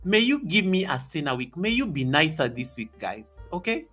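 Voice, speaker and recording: A man hosting a casual live stream, excitable and reading viewer comments aloud. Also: on the high side, moderate pace, husky, faint music behind.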